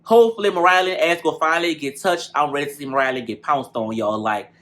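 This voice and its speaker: A man with a bright, fairly high voice runs through a reality show episode for his viewers. He talks in an animated, gossipy way, swearing freely and calling everyone y'all. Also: fast talker. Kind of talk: casual recap commentary.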